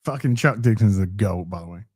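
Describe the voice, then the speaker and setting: A man's voice: fairly low pitch, fairly quick, darkish tone, breathy edge. Man, Yorkshire accent, rambling, sweary, jokey, casual podcast co-host. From Yorkshire, England.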